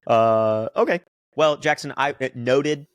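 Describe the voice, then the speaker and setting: A man's voice: medium pitch, measured pace, no room sound. A man in his late twenties banters on a podcast in a loose, rambling way full of fillers. His voice sits mid-range and sounds dry and close to the mic. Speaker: podcast co-host. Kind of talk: casual chat.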